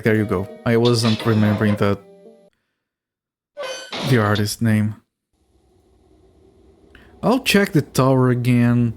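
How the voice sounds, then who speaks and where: A man streaming a game, chatting with viewers and thinking aloud in a rambling, casual way, sometimes swearing. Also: lowish voice. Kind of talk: casual let's-play commentary.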